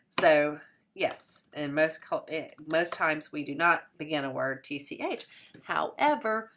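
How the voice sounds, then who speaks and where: A woman talks through spelling rules in a lecture. Her voice sits low and has a gravelly edge. She explains step by step and often stops to fix a word. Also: fairly bright tone. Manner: explanatory, with fillers and restarts.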